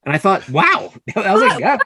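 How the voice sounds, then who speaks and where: A young man who runs a distillery, telling relaxed anecdotes in a casual chat. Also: high voice, moderate pace, over a noisy crowd. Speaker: distillery owner guest.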